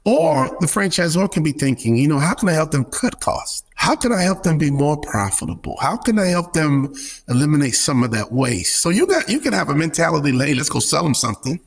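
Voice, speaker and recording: Animated, gravelly male motivational speaker. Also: fairly high pitch, a little fast. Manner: emphatic, acts out quoted voices, preacherly rhythm. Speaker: guest speaker, former pro athlete and business advisor. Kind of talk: animated interview talk.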